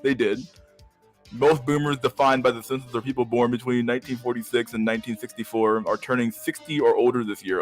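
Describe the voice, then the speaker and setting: A man's voice: mid-range voice, flat delivery, fairly quick, faint music behind. A man hosting a podcast, reading a news article aloud and breaking off into profane, slangy asides. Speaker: podcast host.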